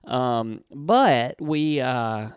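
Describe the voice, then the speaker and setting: A man's voice: mid-range voice, lively intonation, drawn-out words, clean tone, no echo, studio quality. A man in his forties co-hosting a marriage podcast, telling a story in a rambling, casual way and correcting himself often. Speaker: podcast co-host.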